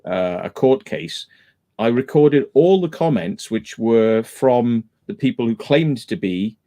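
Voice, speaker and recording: A man's voice: medium pitch, animated, slow, dark tone. Emphatic man hosting a stream. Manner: emphatic, repeats his points while retelling a dispute. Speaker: live-stream host. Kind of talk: casual live-stream chat.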